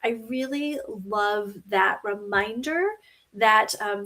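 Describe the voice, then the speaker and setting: A woman hosting a live stream, reading viewer comments and giving gentle spiritual guidance with frequent ums and "right?". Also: medium pitch, slow pace. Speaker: host.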